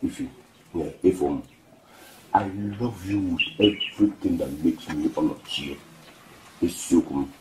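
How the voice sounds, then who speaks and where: An actor with a Nigerian accent playing an evasive young boyfriend who stammers defensively. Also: male voice, deep voice, unhurried, long pauses, darkish tone, slight background noise, low-quality recording. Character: young man courting a girlfriend, evasive. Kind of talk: Nollywood film acting.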